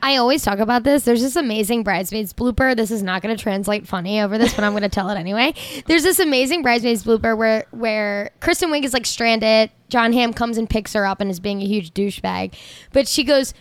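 Higher-voiced woman podcast host, smooth. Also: fairly quick, no echo. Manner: animated storytelling, frequent swearing. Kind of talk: casual chat.

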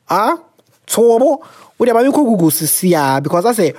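A woman's voice: medium pitch, big pitch swings, normal speed, a little mellow, dry recording, clean studio sound. A woman hosting a podcast, giving frank, playful advice in a casual chat full of exclamations. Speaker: podcast host answering listener questions.

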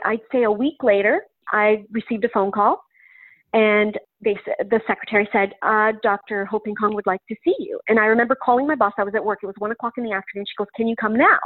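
A woman's voice: medium pitch, no room sound. A woman guest in an interview, recounting a personal story in a chatty way with frequent "um" fillers. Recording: tinny phone-line sound, dry.

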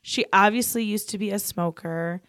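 A woman's voice: mid-range voice, moderate pace, fairly bright tone, dry recording, studio quality. A young woman who sings, co-hosting a podcast in casual chat, talking in a chatty way and earnestly giving advice on vocal health. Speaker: podcast co-host, singer. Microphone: podcast microphone.

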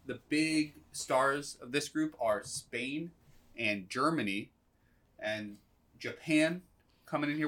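A man co-hosting a sports podcast, talking in a relaxed, playful way. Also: mid-range voice. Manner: playful, laid-back. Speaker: podcast co-host. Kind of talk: casual sports podcast chat.

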